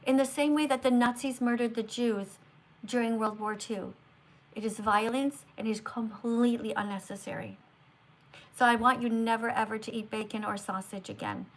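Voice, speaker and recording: A woman's voice: on the high side, fairly even intonation, moderate pace. A woman hosting a livestream, talking earnestly to a guest and to viewers, emphatic and lecturing, recorded on a phone. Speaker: livestream host. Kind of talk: live-stream talk to viewers.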